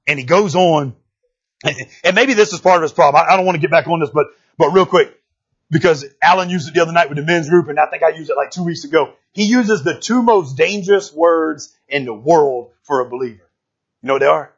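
A man preaching in a church, driving his sermon with call-and-response and a steady "right?" to the room. His voice sits high and husky. The recording sounds a little dull and muffled. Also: fairly quick. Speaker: pastor. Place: church sanctuary.

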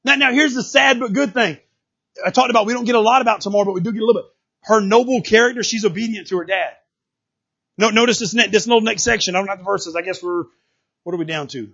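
A middle-aged male pastor preaching a sermon, swinging between loud exclamations and quiet asides, on a dull lo-fi recording. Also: sits high, fast, creaky, slightly rough.

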